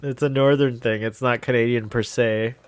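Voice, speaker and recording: A male co-host reacts to an episode with excitable, laugh-filled banter. His voice sits at a middling pitch. The recording is dry and close, with no room sound. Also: normal speed, clear, resonant tone, dry recording. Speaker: co-host of a watch-along commentary. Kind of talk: casual commentary chat.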